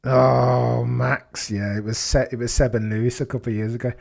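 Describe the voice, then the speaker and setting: A young man talks through a live race for his viewers in a casual, running commentary. He gets excitable and exclaims at the action, and his voice sits at an ordinary middle pitch. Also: normal speed, creaky. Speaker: streamer hosting a race watchalong.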